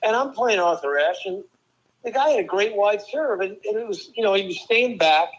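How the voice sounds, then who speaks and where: An older man from New Jersey, a former tennis player and guest, telling lively stories with quick asides and restarts. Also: high-pitched, poor audio. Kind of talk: casual storytelling interview.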